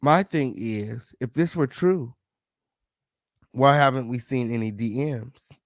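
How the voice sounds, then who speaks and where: Sassy, profane male gossip host, mid-pitched, tight dry recording. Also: slow pace, dry recording. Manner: brash, sassy, swearing, repeats "okay" and "period". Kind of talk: profane celebrity gossip commentary.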